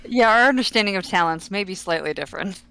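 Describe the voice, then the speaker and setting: A woman in casual podcast chat, reacting quickly and retelling moments with friends. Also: mid-range voice, animated, bright, forceful tone, a little hiss or hum. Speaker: podcast co-host.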